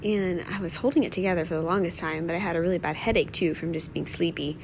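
A young woman hosting a reflective devotional talk from home, soft and earnest, often dropping to a near-whisper. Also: on the low side, steady tone, quick pace, background noise. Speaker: podcast host.

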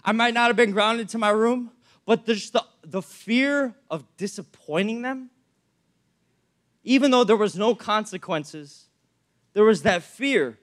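Young male pastor, high voice, lively preaching with anecdotes. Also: unhurried. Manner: animated, acts out anecdotes, many fillers. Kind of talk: sermon with storytelling.

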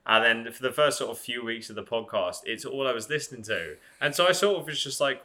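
A young man hosts a podcast in loose, casual chat. His voice is bright and forward, mid-pitched for a man, and he rambles with plenty of fillers and restarts. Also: expressive, fairly quick, hardly any pauses. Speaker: podcast host.

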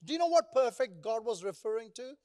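A man with a very high-pitched voice preaches a sermon as pastor. He drives his points with rhetorical questions and prompts the congregation to answer back. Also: very animated, fairly quick, mellow.

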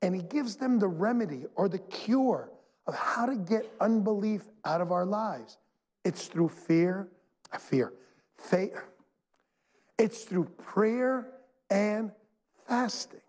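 Animated preaching man in an echoing hall. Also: high voice, slightly rough. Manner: animated, emphatic preaching with dramatic pauses. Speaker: pastor. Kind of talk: sermon. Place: church sanctuary. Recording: long reverb in a large hall.

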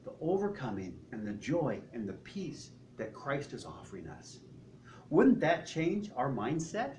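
Lively conversational male preacher. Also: medium pitch, measured pace, a little hiss or hum. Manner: conversational, asks the congregation rhetorical questions. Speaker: pastor. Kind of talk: sermon.

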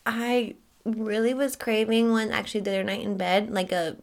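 A woman from Michigan, a podcast co-host, chatting casually with her husband, playful and teasing and quick to laugh. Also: mid-range voice, level tone. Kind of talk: casual chat.

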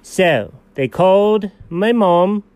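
A man's voice: sits high, animated, slow, a little mellow, no echo. A man co-hosting an improvised comedy show, rambling playfully with theatrical gasps. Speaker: comedy co-host.

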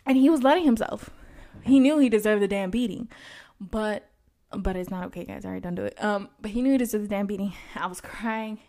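A woman's voice: mid-range voice, fairly quick, mellow. A young woman speaks with blunt, profane candor as she co-hosts a podcast. She tells her story animatedly, piling up swear words. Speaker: podcast co-host. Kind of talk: candid casual chat.

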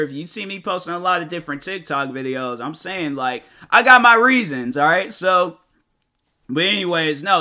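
A man's voice: on the high side, sharp tone. A young man hosting his own podcast, rambling casually in slang with lots of fillers and restarts. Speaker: podcast host. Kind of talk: casual solo podcast recap.

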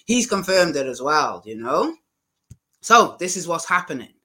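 A man's voice: on the high side, very animated, moderate pace, bright, forceful tone. A man hosting a channel, talking emphatically in a casual way and tagging his points with "right?" and "you know?". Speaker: channel host. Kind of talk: casual opinionated talk.

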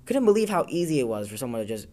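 Here a Tacoma, Washington podcast host talks fast in a sing-song, medium-pitched voice with a dark tone. It's casual chat full of meandering, foul-mouthed tales where he voices what others said.

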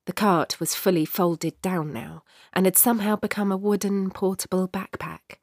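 A woman's voice: medium pitch, fairly even intonation, normal speed, few pauses, no room sound. Woman narrating a story in a dry room.

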